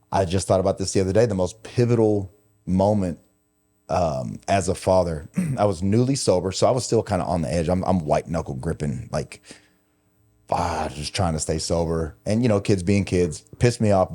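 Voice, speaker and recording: A middle-aged man talks through a personal story as a podcast host. His voice sits low and dark, and his delivery is confessional and emotional, with plenty of casual swearing. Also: normal speed. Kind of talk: candid conversational storytelling.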